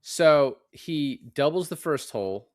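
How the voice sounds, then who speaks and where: A man hosting a casual movie-review podcast, excitedly recounting scenes and swearing freely. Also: a little high, slow, no echo, clean studio sound. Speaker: podcast host.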